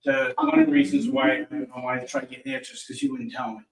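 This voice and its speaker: A man's voice: very high voice, wildly swooping pitch, fast, gravelly, a crowd in the background. A man, a guest, telling a personal story in casual conversation and retelling past conversations line by line. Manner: retells dialogue with lots of "he goes". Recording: roomy, distant mic.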